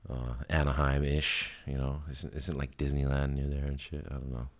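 A man's voice: very deep voice, level tone, normal speed. A man hosting a podcast in casual, rambling chat, laid-back and swearing a lot, with lots of fillers and short laughs. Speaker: podcast host.

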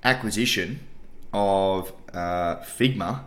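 A man's voice: low-pitched, takes it slowly, a bit bright. An Australian man co-hosting a podcast, chatting casually and swearing, with lots of "like" and "mate". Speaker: podcast co-host. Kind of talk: casual chat.

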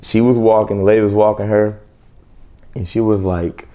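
A young adult man telling stories in a relaxed, casual chat as a podcast co-host, with many restarts. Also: lowish voice, normal speed. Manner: storytelling, loose and laid-back with restarts.

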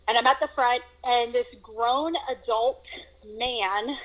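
A woman telling a personal story in a casual conversation, animated and acting out moments with exclamations. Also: a little high, slow pace, rough recording. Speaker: guest telling her story.

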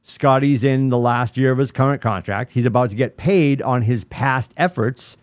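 A middle-aged man co-hosting a podcast in casual chat, rambling and animated with lots of restarts. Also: mid-range voice, moderate pace, no room sound, clean studio sound. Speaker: podcast co-host.

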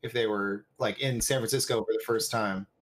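A man's voice: fairly low pitch, fairly even intonation, normal speed, a bit bright. A man hosting a casual podcast chat, easygoing and asking questions while he laughs along.

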